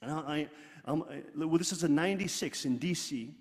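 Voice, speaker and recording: A middle-aged man preaching a sermon, emphatic and animated, loud exclamations alternating with quiet asides, leading his congregation in reading aloud. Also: a little high, fairly quick. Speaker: pastor. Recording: long hall reverb.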